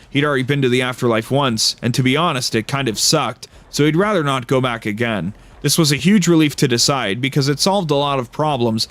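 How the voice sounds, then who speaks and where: A game streamer man reading a game's story aloud with playful, dry delivery and casual asides. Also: medium pitch.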